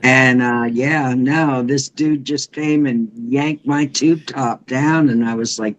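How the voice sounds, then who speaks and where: A woman's voice: extremely low pitch, a little slow, few pauses. A woman on a casual podcast chat, telling a rowdy story with bursts of laughter.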